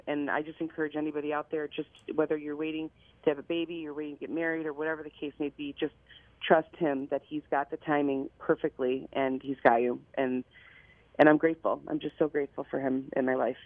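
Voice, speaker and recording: A woman's voice: deep voice, little pitch movement, fairly quick, no room sound. A woman in her forties calling in as a guest, emotional, teary and grateful as she talks. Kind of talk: casual chat. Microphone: phone call. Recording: tinny phone line.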